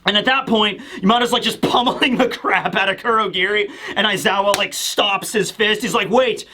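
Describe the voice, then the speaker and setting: Male reviewer, high and bright, rambling casual recap. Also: fairly even intonation, a little fast, a little hiss or hum. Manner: rambling, fillers, slips into character voices. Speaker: manga reviewer. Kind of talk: casual commentary.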